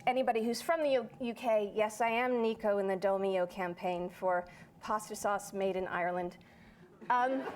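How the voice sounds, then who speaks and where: A woman voice actor giving a lively, playful talk on a conference panel. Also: a little high. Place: conference hall.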